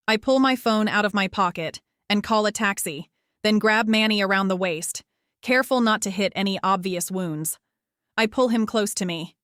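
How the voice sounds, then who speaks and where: A woman reading a teen spy thriller as first-person audiobook narration, steady and lightly dramatic. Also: medium pitch, normal speed, no room sound, clean studio sound.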